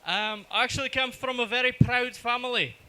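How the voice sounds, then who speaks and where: A man from Johannesburg with a South African accent doing a deadpan, self-deprecating stand-up set in a bar. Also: very high voice, fairly quick, clean tone, rough recording. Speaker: stand-up comedian. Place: comedy bar stage.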